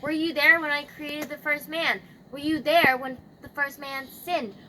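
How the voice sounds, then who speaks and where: A woman's voice: high-pitched, fairly even intonation, unhurried, pushed and bright, slight background noise, low-quality recording. A woman voicing God as a boastful, all-powerful man who talks in casual slang. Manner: chatty slangy retelling, bragging.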